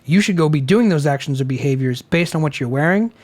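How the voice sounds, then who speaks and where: A young man with a fairly high speaking voice co-hosts a relaxed beer-drinking podcast. He rambles through his points, restarts sentences and laughs often. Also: quick pace. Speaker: podcast co-host. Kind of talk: casual chat over beers.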